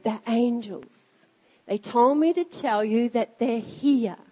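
A woman voicing a three-year-old girl who speaks slowly in a soft, hushed whisper, gently reassuring. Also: fairly high pitch, slightly rough. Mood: hushed comforting. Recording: reverberant hall with faint music.

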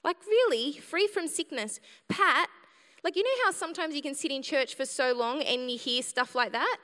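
A woman's voice: sits high, moderate pace, pushed and bright. A woman preaching a sermon in a chatty, humorous way, with sudden passionate outbursts. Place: church hall. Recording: reverberant church hall.

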